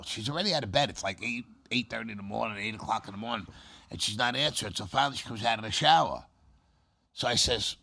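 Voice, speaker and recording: A man's voice: fairly low pitch, lively intonation, fairly quick, vocal fry, pushed and bright. A middle-aged man co-hosting a casual comedy show, rambling through stories and swearing. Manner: rambling, swearing, quoting others in voices. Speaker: co-host.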